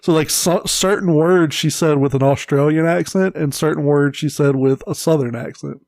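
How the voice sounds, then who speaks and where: A man's voice: on the high side, moderate pace, vocal fry, darkish tone, no echo. A man co-hosting a casual podcast, telling easygoing stories and swearing now and then. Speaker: podcast co-host. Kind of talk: casual chat.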